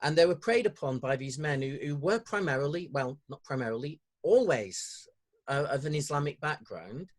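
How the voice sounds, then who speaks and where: A man with a northern English accent hosting an interview podcast, talking in a hesitant way with many pauses and restarts. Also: a little high, lively intonation. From northern England. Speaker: podcast host. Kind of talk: conversational interview.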